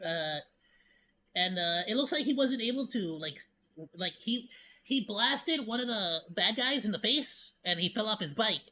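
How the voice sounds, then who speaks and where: An excitable streamer reacting live to a video, rambling along with sarcastic asides. The voice is bright and forceful and swings widely in pitch. The talk stays loose and unscripted. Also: unhurried, a little hiss or hum. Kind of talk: casual live reaction commentary.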